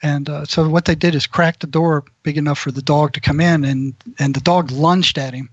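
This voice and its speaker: A man's voice: fairly high pitch, fairly even intonation, moderate pace, no echo. Man telling stories over muffled lo-fi audio. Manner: rambling storyteller who acts out quoted voices. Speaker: guest, mental health practitioner. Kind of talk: anecdotal storytelling in an interview.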